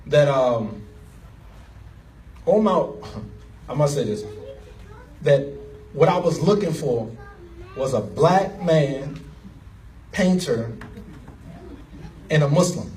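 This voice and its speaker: A man giving an animated, emotional personal story as a speaker at an event, laughing as he talks. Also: a little high, takes it slowly, pauses often, distant mic. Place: event hall.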